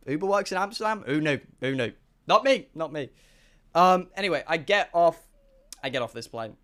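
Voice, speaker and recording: Telling a story to his stream chat, a young man sounds excitable and swears a lot. His high voice swings widely and comes across bright and forceful as he acts out each exchange, all at a moderate pace.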